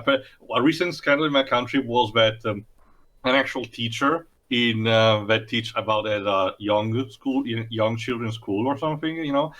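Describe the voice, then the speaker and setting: A man with a bright, tense-edged voice at an ordinary pitch, making dry, deadpan quips during a movie commentary chat. He also tells the odd anecdote in a laid-back way.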